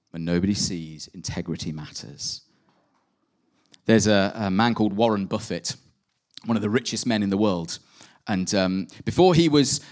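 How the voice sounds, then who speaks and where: A man preaching a sermon in a conversational way, with animated rhetorical asides. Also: medium pitch.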